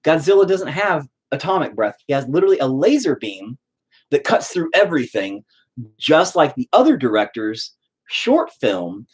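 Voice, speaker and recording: Husky man ranting with lively pitch. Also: moderate pace. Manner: profane, ranting and exasperated. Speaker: streamer painting live. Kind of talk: casual livestream chat.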